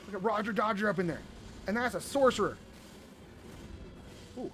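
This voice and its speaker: A man giving playful, excited commentary while playing a video game with his son, exclaiming often. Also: sits high, moderate pace, long pauses, a little hiss or hum. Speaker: gaming video host.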